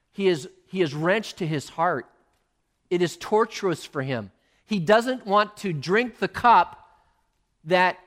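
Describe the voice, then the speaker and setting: A male preacher giving a sermon, emphatic and swinging between loud and hushed. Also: on the high side.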